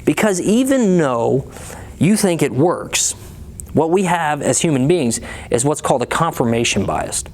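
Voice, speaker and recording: A man gives blunt, profane coaching to car salespeople. His pitch swings widely as he talks. He acts out both the salesman and the customer in quick exchanges. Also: big pitch swings, a little mellow. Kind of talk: casual coaching monologue.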